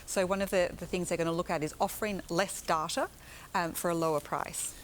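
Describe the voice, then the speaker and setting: A woman with an Australian accent, a finance expert answering questions in a live TV news interview, brisk and explanatory. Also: on the low side, steady tone, a little hiss or hum.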